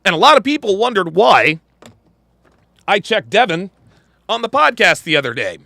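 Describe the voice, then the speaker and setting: Male podcast host, high animated pitch, bright tense tone, profane emphatic reaction commentary. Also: normal speed, gravelly, dry recording. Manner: profane, emphatic, repeats lines.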